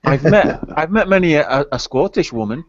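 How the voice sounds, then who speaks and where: A man's voice: fairly high pitch, lively intonation, fairly quick, no echo. A man chatting on an online call, hesitant and often trailing off. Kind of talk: casual chat. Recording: dry, slightly muffled call audio.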